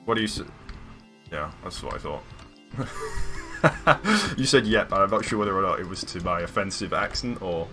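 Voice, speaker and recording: A man's voice: low-pitched, fast, bright, forceful tone. A man chatting casually while live-streaming a game, rambling with lots of ums and restarts. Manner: rambling, hesitant, many fillers and restarts. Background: background music.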